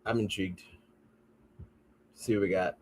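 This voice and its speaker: A man's voice: low voice, fairly even intonation, unhurried, a little mellow, husky. Profane man riffing as a podcast host. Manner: profane, riffing, reading comments aloud. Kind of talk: casual comedic commentary.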